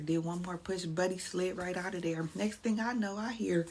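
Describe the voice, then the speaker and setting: A young woman talks straight to the camera, telling her story with animated, blunt swearing. Her voice sits lower than most women's. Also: normal speed, hardly any pauses, slight background noise. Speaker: vlogger. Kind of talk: casual storytime monologue.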